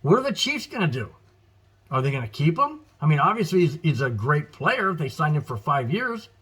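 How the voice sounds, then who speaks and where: A man's voice: fairly high pitch, very animated, brisk, fairly bright tone, husky. A man hosting a casual sports news show, reading items and reacting with frequent exclamations and repeated words. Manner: chatty, exclaims wow often, repeats words.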